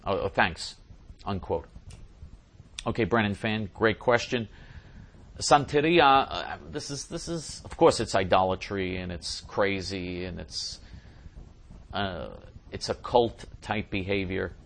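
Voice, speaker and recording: A man's voice: low voice, slow pace, vocal fry, fairly bright tone. A man hosting a show, answering listener questions in an emphatic casual monologue that repeats phrases for stress.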